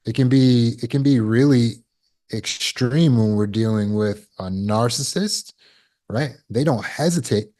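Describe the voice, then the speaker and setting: A man's voice: mid-range voice, measured pace, dark tone. A man giving a spoken lesson to an online audience. As a healing course teacher, he asks rhetorical questions and repeats words while he thinks.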